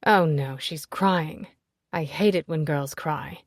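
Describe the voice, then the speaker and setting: A man's voice: on the high side, slow, no room sound. A woman voicing a teasing, blunt young man with a dry, mocking drawl, in an audiobook.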